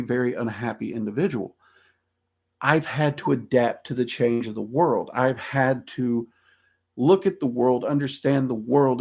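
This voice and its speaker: A man's voice: mid-range voice, darkish tone. Southern man chatting on a livestream. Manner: frank, rambling, with frequent ums and self-deprecating laughs. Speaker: host of occult livestream. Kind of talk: casual livestream chat reading viewer questions.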